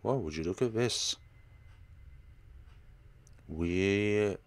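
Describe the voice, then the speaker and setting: A man's voice: on the low side, very slow. A man hosting a horror-game let's play. He reads the game's dialogue aloud and breaks into dramatic outbursts. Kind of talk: gaming commentary reading game dialogue aloud.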